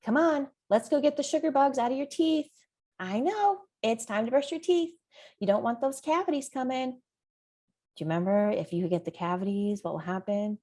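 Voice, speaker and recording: A woman playing a mother gently urging her child to stop and move on. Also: fairly high pitch, normal speed, voice pushed up, close to an everyday voice. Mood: pleading. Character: coaxing mother at home.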